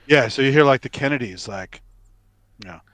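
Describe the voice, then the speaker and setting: Casual American man in conversation, animated, dry recording. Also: medium pitch, a little fast, no room sound. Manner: animated storyteller, mimics other accents for fun. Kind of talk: casual chat.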